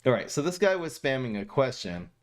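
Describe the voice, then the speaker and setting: A young male streamer at mid pitch, talking casually to his viewers. He chats in an animated, loose way, laughing often and tripping over his own sentences as he goes. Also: fairly quick. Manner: chatty and animated, laughs often, stumbles and restarts. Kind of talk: casual commentary reviewing viewer messages.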